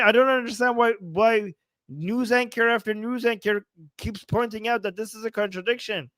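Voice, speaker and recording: Guy reacting to a news clip, super high voice, dry close sound, sarcastic and sweary. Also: a bit bright, no echo. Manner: sarcastic, combative, swears often. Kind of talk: reaction commentary.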